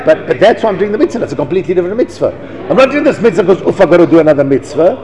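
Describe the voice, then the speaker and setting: Animated rabbi lecturing in a reverberant hall. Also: male voice, high voice, racing. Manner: animated, reads Hebrew text then translates, acts out dialogue. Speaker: rabbi teaching a class. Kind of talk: Torah lecture.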